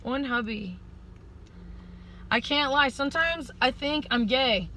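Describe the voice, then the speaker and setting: High, bright-voiced woman rambling earnestly. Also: slow pace, a little hiss or hum, rough recording. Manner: earnest, pleading, stream-of-consciousness. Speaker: vlogger. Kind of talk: rambling spiritual vlog monologue.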